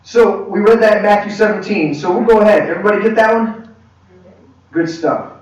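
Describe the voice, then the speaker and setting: A man teaching a church leadership class in a conversational, halting way, with many restarts. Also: high voice. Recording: echoey room, far from mic, dull.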